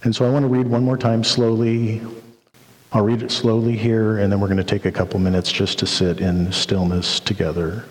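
A man preaching a sermon, slow and reflective, with many pauses. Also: lowish voice, flat delivery. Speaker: pastor. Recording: long reverb of a hall.

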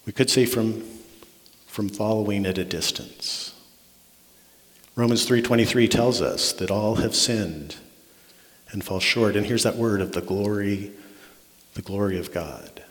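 A man's voice: lowish voice, measured pace, long pauses. A man preaching a sermon as a pastor, earnest, often restarting words and checking in with "right?". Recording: long reverb of a large hall.

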